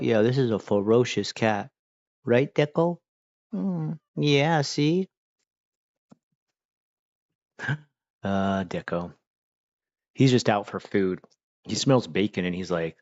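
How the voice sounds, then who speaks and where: A man's voice: medium pitch, lively intonation, a little slow, darkish tone, no echo, lo-fi sound. A man from Pennsylvania hosting a casual livestream, rambling and chatting while he eats. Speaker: livestream host.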